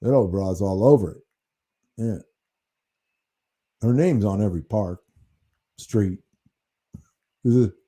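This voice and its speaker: An American man rambles indignantly into his mic on a live stream, stumbling through fillers and restarts. His voice is very dark and mellow, pitched on the low side. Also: takes it slowly, pauses often. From United States. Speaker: livestream host. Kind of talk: rambling livestream talk.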